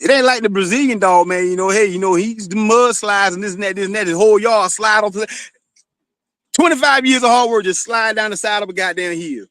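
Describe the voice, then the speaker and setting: A man with a notably high voice talks straight at his listeners, swearing freely and filling every pause with "you know." The sound is dry and close, with no room around it. He rambles from one story to the next like a host holding court on his own show. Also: a bit bright, dry recording. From Florida. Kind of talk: casual monologue.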